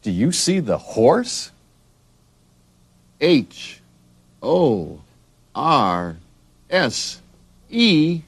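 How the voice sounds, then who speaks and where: A man's voice: fairly high pitch, sing-song, drawn-out words, long pauses, breathy edge, no room sound. A middle-aged man reading a children's read-along book, spelling words letter by letter and making playful animal sounds.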